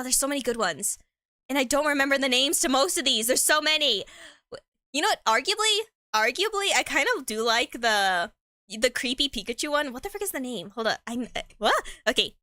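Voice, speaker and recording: A woman's voice: a little high, bright, forceful tone, no room sound, clean studio sound. A woman chatting casually on a live stream, rambling in slang and laughing often.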